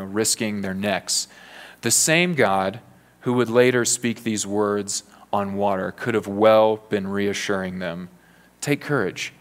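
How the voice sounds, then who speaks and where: A man's voice: lowish voice, a bit bright. A man preaching a sermon in an earnest, conversational way, often saying "you know".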